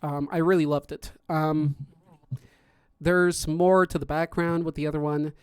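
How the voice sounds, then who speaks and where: A man's voice: a little high, flat delivery, a little slow, smooth, no room sound. A man hosting a podcast stream in casual chat, rambling with many fillers and restarts as he explains contest judging. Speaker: podcast host and contest judge.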